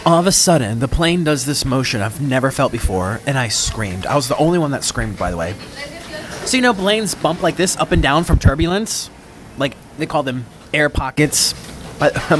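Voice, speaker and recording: A man's voice: fairly high pitch, a bit bright, slight background noise. A man telling a rambling, dramatic story while he eats on camera, talking casually into his microphone. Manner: rambling, chatty, dramatic, self-interrupting. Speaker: mukbang vlogger. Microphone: own microphone.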